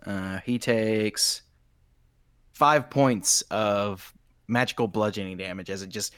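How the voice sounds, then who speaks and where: A man playing a tabletop game in casual chat, playful, breaking into high laughing yelps. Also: slow, fairly bright tone, clean tone, no room sound, studio quality. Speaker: player.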